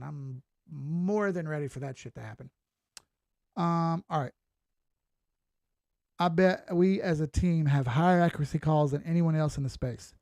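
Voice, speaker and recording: A man's voice: fairly high pitch, vocal fry, darkish tone, no echo. A middle-aged man with a Southern US accent, giving casual, folksy crypto chart commentary with some swearing. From Southern United States. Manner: folksy, chatty, mild swearing.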